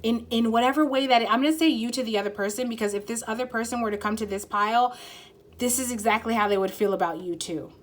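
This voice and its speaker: A woman's voice: a little high, fast talker. Teary woman reading tarot cards, earnest, swears a lot, says like a lot. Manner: earnest, swears freely, many fillers. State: holding back tears. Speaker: tarot reader. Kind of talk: casual emotional tarot reading.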